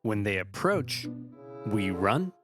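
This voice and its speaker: A man voicing a scheming, self-pleased male general in a comedic cartoon, talking conspiratorially and slowing for the punchline. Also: lowish voice, big pitch swings, over music, voice pushed down.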